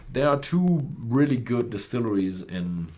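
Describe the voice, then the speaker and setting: A man's voice: medium pitch, sing-song, a little slow, a little mellow. A man explaining whisky types in loose, rambling talk, full of fillers and self-corrections. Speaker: whisky presenter. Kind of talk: unscripted explainer.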